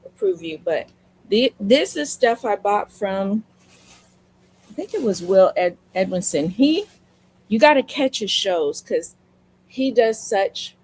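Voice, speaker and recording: Speaking through a streaming mic on a rough recording, this livestream seller has a medium-pitched, slightly mellow, husky voice. She chats casually and directly to her viewers, telling them stories and repeating lines for emphasis.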